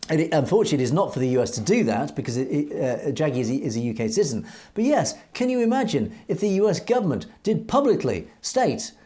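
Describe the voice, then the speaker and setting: A man's voice: a little high, sing-song, quick pace, hardly any pauses, warm tone. Earnest man co-hosting commentary. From United Kingdom. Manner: earnest and emphatic, with many restarts and fillers. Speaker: co-host reading viewer comments. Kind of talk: political commentary show chat.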